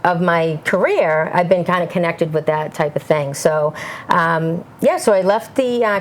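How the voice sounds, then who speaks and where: A woman's voice: fairly low pitch, slight background noise. A woman talking casually as an interview guest, with lots of fillers and an upbeat tone. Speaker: event managing director, guest.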